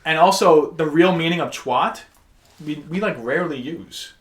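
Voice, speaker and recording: A young man co-hosting a podcast, joking crudely and trying out loud silly voices. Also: on the high side, normal speed. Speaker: podcast co-host. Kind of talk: casual chat.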